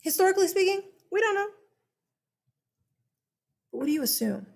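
A woman's voice: very high voice, moderate pace, gravelly. A woman, giving a chatty classroom history lecture and often checking in with "okay?". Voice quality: slight lisp. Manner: chatty, animated, keeps checking in with 'okay?'. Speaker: history teacher.

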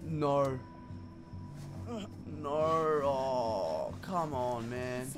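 A man's voice: mid-range voice, animated, extremely slow. A man, streaming a horror game live and reacting chattily with lots of swearing. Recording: game music loud behind voice.

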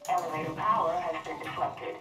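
An actor voicing gruff soldiers and a radio dispatcher in a shooter game. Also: male voice, a little high, a little fast. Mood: terse. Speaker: in-game character voice. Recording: game audio with loud music and gunfire.

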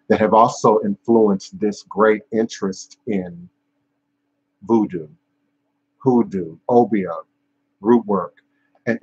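A man hosting a live stream as a spiritual teacher, talking in a measured, emphatic way with repeated phrases and some fillers, in dull lo-fi audio. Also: on the low side, slightly rough. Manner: frequent fillers and restarts. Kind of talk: unscripted live-stream talk.

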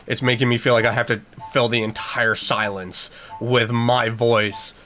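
A man's voice: mid-range voice, flat delivery, a little slow, sharp tone, soft background music. A man giving let's play commentary, jumpy and reactive, talking to the game's characters and using mild minced oaths. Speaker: gaming YouTuber.

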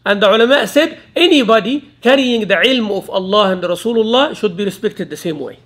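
Guy giving a quran class, high voice, laughs a lot, lots of mixed in. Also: fairly quick. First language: Arabic. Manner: animated, mixes Arabic words into English, laughs often. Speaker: Islamic lecturer. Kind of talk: Quran commentary lecture. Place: restaurant meeting room.

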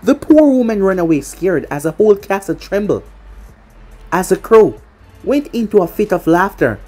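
Husky woman narrating a fan story. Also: mid-range voice, very animated, normal speed, mellow, faint music behind.

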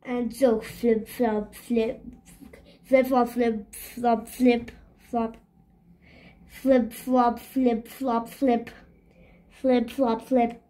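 Woman, children's book read-aloud, spoken sound effects, high pitch, very slow pace. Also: little pitch movement, mellow. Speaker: reader.

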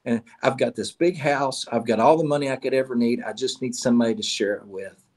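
A man telling a parable, voicing a lonely, wealthy young woman who speaks softly and wistfully. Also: mid-range voice, fairly quick, close to an everyday voice.

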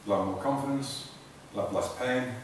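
On the low side and at a moderate pace, a man's voice carries over slight background noise. A fitness trainer, he gives an informal live talk to an audience while working out, growing breathless, repeating himself and restarting sentences. The recording is distant and echoey, made in a large hall.

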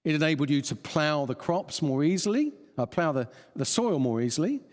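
A man's voice: on the high side, animated, a little fast, a little mellow. A man preaching a sermon, chuckling often and restarting phrases as he thinks aloud. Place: church hall. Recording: long church reverb.

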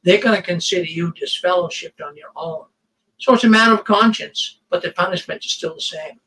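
A man's voice: high-pitched, fairly quick, pushed and bright, far from the mic, poor audio. A man hosting a call-in show, who talks to callers in a chatty, reassuring way.

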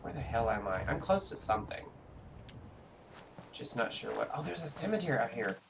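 Music plays behind a drowsy, worn-out streamer who chats and rambles through live gameplay. His mid-range voice is sing-song, brisk and creaky, with a little hiss or hum present.

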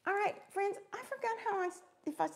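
A woman's voice: extremely high pitch, expressive, fairly quick, vocal fry. A woman hosting a live crafting stream, chatting in an upbeat, friendly way and greeting viewers by name as she works. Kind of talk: casual live-stream chat while crafting.

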